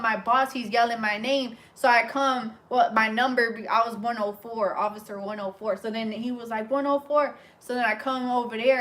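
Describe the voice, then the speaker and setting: A young woman telling a story in a casual, animated way, full of fillers and restarts, while she works as a hairstylist. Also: sits high. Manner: animated, breathless retelling with many fillers. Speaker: hairstylist and vlogger.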